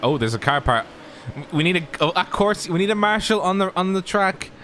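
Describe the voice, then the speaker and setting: Male co-commentator, slightly high voice, relaxed and jokey, noisy recording. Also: brisk. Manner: chatty, laughs, loose and joking. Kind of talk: sim racing live commentary.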